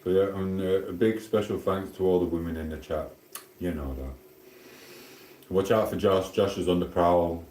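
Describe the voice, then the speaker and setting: A middle-aged livestream host from Sheffield, South Yorkshire, with a Sheffield Yorkshire accent, cooks at home while rambling in friendly, matey banter with his viewers' chat. His voice is low-pitched and mellow, steady in tone, a little fast with hardly any pauses. The roomy space echoes, and there's slight background noise.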